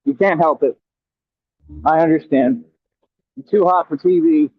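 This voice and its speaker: Taunting high-voiced man on a scooter. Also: unhurried. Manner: taunting, stammering repeats. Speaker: vlogger. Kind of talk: trash-talking vlog. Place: outdoors riding a scooter in traffic. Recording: tinny phone-like, dry.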